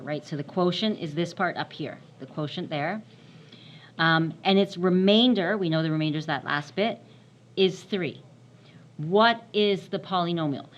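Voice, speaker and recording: A woman teaching a math lesson, repeating and stressing key terms and often checking in with "right?". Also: fairly low pitch. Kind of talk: recorded classroom math lesson.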